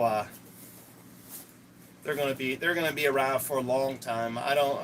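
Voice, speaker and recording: Guy rambling on his live stream, mid pitched, lots of um and restarts, faint hiss behind. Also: a bit bright, rough recording. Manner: rambling, many restarts and fillers. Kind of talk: casual live stream chat.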